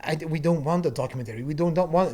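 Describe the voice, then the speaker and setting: A middle-aged man telling stories in a casual podcast chat, animated, laughing often and swearing freely. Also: a little high, very fast. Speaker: guest.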